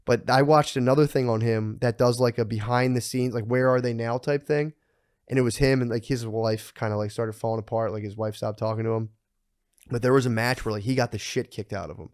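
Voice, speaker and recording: A young man co-hosting a podcast, telling profane, animated stories in casual chat and bursting into laughter. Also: medium pitch, fairly quick. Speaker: podcast co-host.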